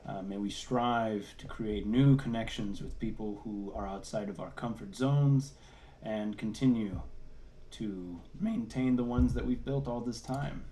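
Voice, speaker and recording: A man's voice: on the low side, a little slow, warm tone. A man, a services and support minister, reading church announcements in an upbeat, enthusiastic way over a video call.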